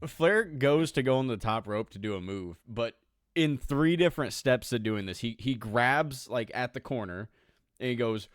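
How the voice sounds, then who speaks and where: A man co-hosting a casual podcast, recounting events blow by blow with swearing and quick impressions. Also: medium pitch, expressive, dry recording, clean studio sound. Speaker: podcast co-host. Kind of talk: casual chat.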